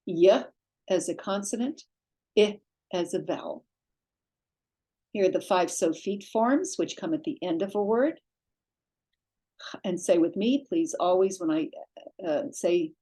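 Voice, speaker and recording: A woman's voice: lowish voice, slow, long pauses, a little mellow, low-quality recording. A woman teaching a recorded language lesson, drilling letter names for repetition and explaining patiently, with small self-corrections. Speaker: Hebrew teacher.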